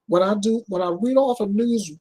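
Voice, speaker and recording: A man's voice: sits high, normal speed, mellow. A man hosting his own news show, reading reports and giving blunt, emphatic commentary.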